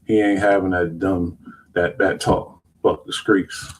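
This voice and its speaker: A man's voice: low voice, little pitch movement, unhurried, husky, rough recording. A man hosting a show, reacting to clips in loose slang and rambling, casual commentary. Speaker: show host.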